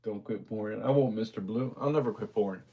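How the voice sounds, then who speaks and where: A low, gravelly-voiced man hosts a livestream auction, talking casually with his viewers. His voice is husky and rough, and he sounds emotional and near tears as he thanks people by name. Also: fast, dark tone.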